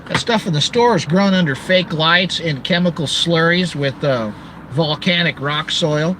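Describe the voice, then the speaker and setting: A man with a high-pitched voice rants to his audience, animated and sarcastic, now and then bursting into shouts. He is middle-aged and speaks as the host of his own channel. Street and traffic noise plays clearly behind him outdoors. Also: a little slow, rough recording. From Southern California. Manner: animated, ranting, sarcastic asides with shouted outbursts. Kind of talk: ranting monologue to camera.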